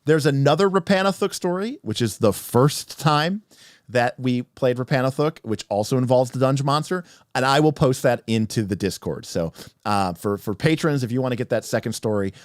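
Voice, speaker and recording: Animated man telling a game story. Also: medium pitch, fairly quick, no room sound, clean studio sound. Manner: animated, rambling with restarts. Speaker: streamer and game master. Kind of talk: livestream storytelling.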